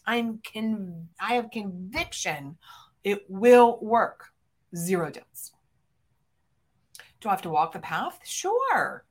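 A woman podcast host and business coach giving emphatic, fervent motivational talk, speaking straight to her listeners as friends. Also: on the high side. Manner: emphatic, fervent, punchy declarations with big swings in loudness; addresses listeners directly as friends.

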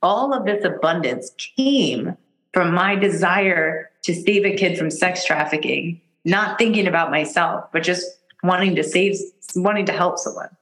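Animated woman guest with a low voice. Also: a little slow, rough recording. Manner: animated, laughs often, jumps into quoted voices. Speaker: podcast guest, energy healer. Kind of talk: casual storytelling interview.

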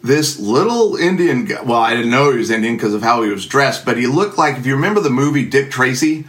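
A man's voice: medium pitch, lively intonation, fairly quick, a bit bright. A middle-aged man telling a funny personal story in a casual, sarcastic, self-mocking way.

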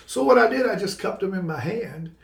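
A man telling a story from his childhood in a casual chat, animated and laughing as he tells it. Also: sits high, brisk, vocal fry, distant mic. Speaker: guest. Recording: roomy sound, away from the mic.

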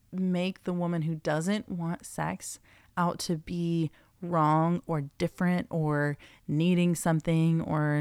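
Woman, podcast host, earnest and encouraging, strained voice, low pitch, dry sound. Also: darkish tone, smooth, no room sound. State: nearly losing her voice. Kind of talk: casual podcast talk.

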